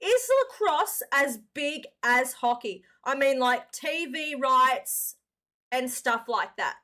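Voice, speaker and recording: An Australian woman hosts a casual reaction video, talking straight to her audience. Her voice sits high and sounds bright and forceful. She keeps calling her viewers mate. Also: expressive, slow pace. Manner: chatty, addresses viewers as mates.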